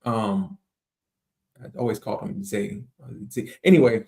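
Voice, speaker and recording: A man's voice: lowish voice, a little slow. A man from South Carolina, a motivational speaker and interview guest, talking in a reflective, slangy way. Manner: reflective and slangy, steady and earnest. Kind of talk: casual interview conversation.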